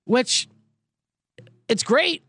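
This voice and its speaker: A man's voice: very slow, pushed and bright, no room sound. A man hosting a sports betting podcast alone in a small booth, talking in a rambling, profane, self-mocking way. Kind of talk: casual sports betting talk on a live podcast. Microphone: studio microphone.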